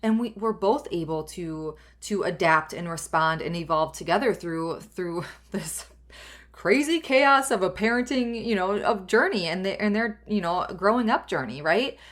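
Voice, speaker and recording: Earnest woman, low-pitched, rambling podcast talk. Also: animated, moderate pace, a bit bright. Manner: earnest, rambling, with many fillers and restarts. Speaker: podcast host.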